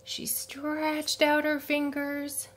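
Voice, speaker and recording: A woman reading a children's picture book aloud, with gentle narration and voices for the characters. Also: high voice, completely flat delivery, very slow. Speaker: storyteller.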